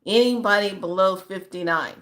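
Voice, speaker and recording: Older lady on a spiritual livestream, talks to viewers like a teasing auntie, calls them honey, big swings up when she's excited. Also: mid-range voice, a little slow. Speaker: spiritual live-stream host. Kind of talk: casual live-stream chat reading viewer comments.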